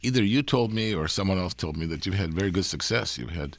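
Older guy hosting an interview, real low voice, kinda gravelly and hoarse from a cold, dry close mic. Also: animated, fast, dry recording. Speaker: host, church president.

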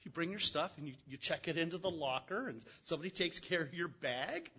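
A man preaching a conversational sermon, reading scripture with folksy, animated asides. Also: on the high side, a little fast, husky, muffled recording. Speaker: pastor.

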